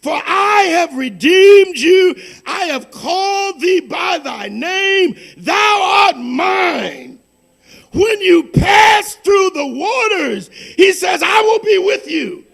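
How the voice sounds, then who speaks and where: A man preaching a fervent sermon as pastor, dropping to a hush and then building to shouted, repeated lines. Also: very high voice, expressive, takes it slowly, creaky.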